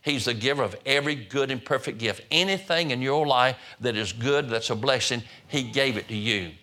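Older man, folksy preacher at the pulpit. Bright, forceful tone, middle pitch. Stumbles and repeats as he builds his points. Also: normal speed. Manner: folksy, repeats words and restarts phrases. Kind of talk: sermon.

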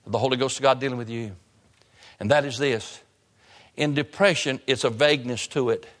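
Man preaching in a church, repeats himself, slows way down on key words, big hall echo. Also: mid-range voice, steady tone. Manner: preaching with repetition and sudden slow emphasis. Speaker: pastor. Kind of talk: sermon. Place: church sanctuary. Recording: long hall reverb.

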